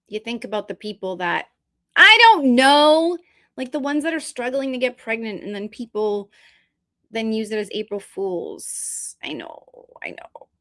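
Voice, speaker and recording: A woman's voice: medium pitch, fairly bright tone, no room sound, studio quality. A woman hosting a live stream, chatting casually with viewers in a rambling, joking and bluntly profane way. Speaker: streamer host.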